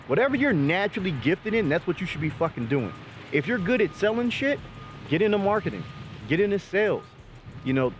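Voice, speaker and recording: A middle-aged man and vlog host in casual chat, talking bluntly with lots of profanity and animated emphasis. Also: fairly high pitch.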